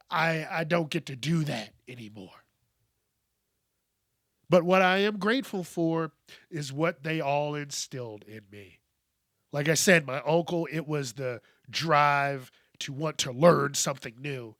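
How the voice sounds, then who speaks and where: A man hosting a podcast, speaking in a candid, reflective monologue that is full of cursing, with frequent pauses and soft trailing-off. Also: on the high side, dry recording, studio quality. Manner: candid, profane, pauses often and trails off softly. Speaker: podcast host.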